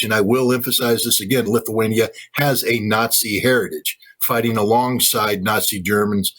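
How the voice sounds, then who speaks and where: Casting: American man, low husky voice, forceful guest commentary, hammers points by repeating them. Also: poor audio. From United States. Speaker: interview guest. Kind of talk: emphatic commentary.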